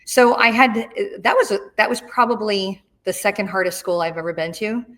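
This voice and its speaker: Middle-aged woman, retired Marine, animated storyteller, acts out quoted lines. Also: mid-range voice, normal speed. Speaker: interview guest, retired Marine. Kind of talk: storytelling in an interview.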